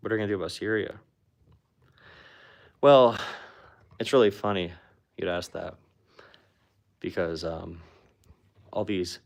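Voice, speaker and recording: A political commentator with a fairly low voice talks casually and bluntly. His tone turns sarcastic often, and his speech is loose and full of fillers. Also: moderate pace, vocal fry, long pauses. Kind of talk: casual chat.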